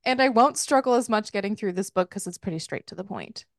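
A woman's voice: mid-range voice, lively intonation, fast talker, no room sound, studio quality. A woman co-hosting a podcast, casually recapping a book in a chatty way, swearing freely and laughing as she goes. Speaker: podcast co-host. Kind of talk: casual book review chat.

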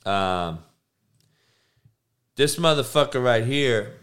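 A man's voice: medium pitch, lively intonation, takes it slowly, a bit bright, smooth. Man ranting with heavy profanity. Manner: profane, mocking, heated rant. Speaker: podcast host. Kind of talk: crude ranting commentary.

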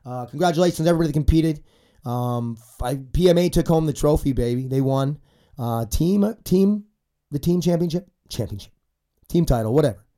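In his forties, this podcast host rambles, rants, and curses through a casual show, his voice stuffy and congested from a cold. The tone is a little high, expressive, and mellow, moving a little fast.

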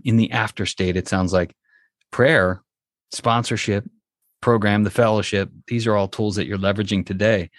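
A male host with a lowish voice reflects back what his guest has shared before asking what comes next. The recording is dry, with no room sound. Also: no room sound. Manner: reflective, sums up the guest's points. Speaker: podcast host. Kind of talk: interview conversation.

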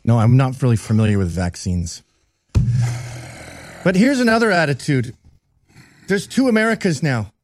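A man speaking as a talk show guest, making calm, measured points in conversation. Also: mid-range voice, a little hiss or hum. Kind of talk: casual conversation.

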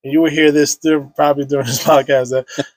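A man in his thirties speaks in a slightly husky, fairly high voice, recorded close and dry. He tells his story haltingly and casually, restarting phrases, dropping fillers and cursing freely as a podcast guest. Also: flat delivery, no room sound, rough recording. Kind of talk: emotional personal storytelling.

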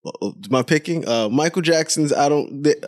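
A man's voice: fairly high pitch, moderate pace, darkish tone. A man playing a tabletop game, joking and laughing often as he talks. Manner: giggly, joking. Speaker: player. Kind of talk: casual tabletop play.

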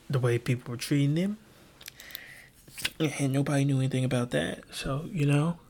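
Young guy podcasting, raspy and gravelly, kinda mumbly and rambly, lots of ums and likes. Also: darkish tone. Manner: halting and rambling, many fillers and restarts; subdued, low-key delivery. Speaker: podcast host. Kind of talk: casual personal podcast talk.

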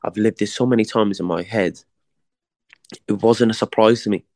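A man's voice: lowish voice, fairly even intonation, moderate pace, a little mellow, no room sound, clean studio sound. A young man, a boxer, chatting casually in an interview, slangy and repeating words as he tells his story.

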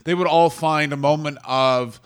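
A Canadian man, a stand-up comedian co-hosting a casual comedy podcast, talking fast and profanely. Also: fairly high pitch, steady tone, smooth. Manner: fast, profane, riffing into silly voices.

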